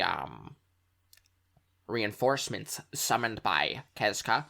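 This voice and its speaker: A man's voice: on the low side, gravelly, bright, forceful tone, voice pushed down, heavily acted. A man voicing a formal, earnest male rebel contact in a tabletop game, with a stiff, faintly transatlantic delivery. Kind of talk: tabletop role-play character voice.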